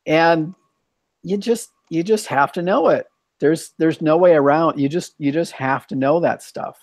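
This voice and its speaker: A man's voice: fairly high pitch, unhurried, no room sound. A man hosting a casual bilingual chat, rambling and thinking aloud as he talks. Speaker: host.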